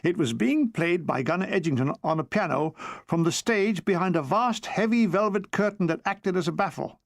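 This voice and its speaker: A man reading a memoir aloud as an audiobook, with expressive comic timing. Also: high-pitched, moderate pace, creaky, no echo, studio quality. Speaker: audiobook reader. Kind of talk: audiobook narration of a war memoir.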